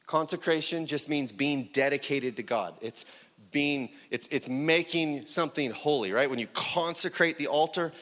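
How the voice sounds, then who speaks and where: A man's voice: on the high side, normal speed. Impassioned male preacher, whispers to peaks. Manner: impassioned, rising to loud peaks then dropping to hushed whispers; asks the congregation rhetorical questions. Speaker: pastor. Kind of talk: sermon.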